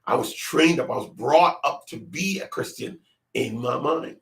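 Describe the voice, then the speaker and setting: A man's voice: mid-range voice, lively intonation, unhurried, a bit bright. A middle-aged man giving his personal testimony in an earnest, emphatic way, repeating phrases for weight. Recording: echoey room, distant mic.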